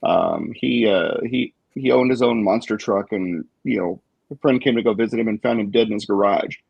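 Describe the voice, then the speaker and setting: Casual co-host: gravelly, breathy-edged man, halting and reflective, dry mic. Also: fairly low pitch, no echo, lo-fi sound. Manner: thoughtful, halting with many fillers. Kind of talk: casual group chat.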